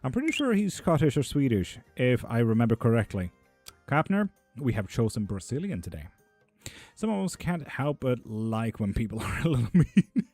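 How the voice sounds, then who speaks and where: A man's voice: medium pitch, very animated, normal speed, a little mellow, faint music behind. A young man hosting a casual live stream from home, reading chat aloud and bantering with loose, foul-mouthed humor. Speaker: streamer giving tarot readings.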